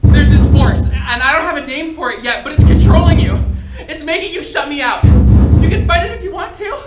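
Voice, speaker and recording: A high-voiced, disgraced young detective, played by a woman begs and pleads, desperation close to the surface. She is caught from far off in a roomy theatre. Loud music plays underneath and the sound is slightly dull. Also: normal speed, close to an everyday voice. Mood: desperate. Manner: pleading, rising to near-shouts on the phone. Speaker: stage actor. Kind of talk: live solo stage play. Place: theatre stage. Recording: distant roomy stage recording, dull.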